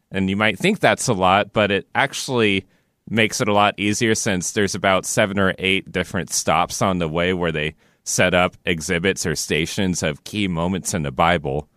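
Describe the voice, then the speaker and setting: A man in a casual chat who explains things in a steady, detailed way. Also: low-pitched, no echo, clean studio sound. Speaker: guest.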